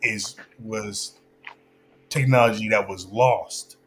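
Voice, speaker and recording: A man's voice: on the low side, takes it slowly, a crowd in the background. A man in casual chat, talking loosely and stopping to find where his thought was going. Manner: loose, searching, loses his train of thought.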